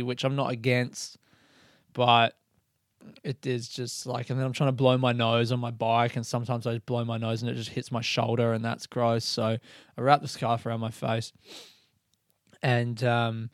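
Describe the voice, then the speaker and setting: A young man talks through a story on his own podcast, rambling and cursing freely as he mocks himself. His voice is smooth and clear at a middling pitch. The sound is close and dry. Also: no room sound. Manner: rambling, swears freely, self-mocking. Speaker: podcast host. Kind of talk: casual storytelling monologue.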